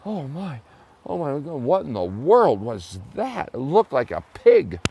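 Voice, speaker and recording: Jumpy young male sidekick, voiced by a man in a storybook tale, rapid and stammering, pitched up. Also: sing-song, vocal fry, dark tone, slightly rough, full character voice. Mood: shaken. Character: jittery young male helper, easily scared.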